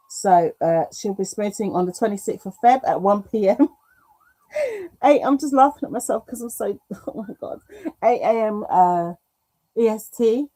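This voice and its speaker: A British woman hosting a craft livestream, chatting casually and reading comments aloud, self-mocking and quick to laugh, with an occasional cough. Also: mid-range voice, mellow. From United Kingdom. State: coughing now and then.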